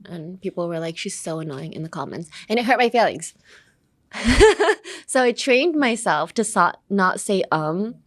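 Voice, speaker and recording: A woman's voice: medium pitch, expressive, a little slow. A young woman from California teaching English casually, mixing in Japanese and leaning on "um" and "like". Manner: uses lots of "um" and "like" fillers; switches between English and Japanese.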